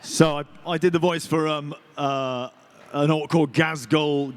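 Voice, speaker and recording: Animated, chatty male actor. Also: a little high, unhurried, clean tone. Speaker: voice and motion capture actor. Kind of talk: convention panel talk. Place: convention panel stage.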